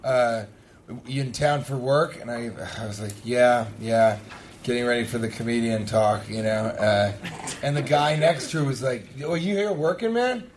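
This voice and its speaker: A man's voice: medium pitch, moderate pace, a little hiss or hum. A man in his thirties, a comedian co-hosting a live podcast, telling stories and acting out the people in them while laughing. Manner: animated anecdote telling, acting out others, laughing often. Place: live venue stage. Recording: live show with loud crowd laughter.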